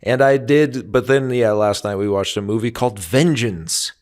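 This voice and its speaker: A young man from the American Midwest co-hosting a comedy podcast, making wry, sarcastic remarks in quick asides. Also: mid-range voice, a little mellow. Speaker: podcast co-host. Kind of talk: casual comedic chat.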